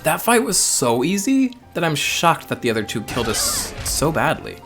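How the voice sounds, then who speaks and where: A man's voice: on the high side, very animated, moderate pace. American guy rambling and joking over game footage, voice all over the place, faint game music under it. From United States. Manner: rambling, joking asides and self-mocking chatter. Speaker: let's play host. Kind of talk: casual gameplay commentary.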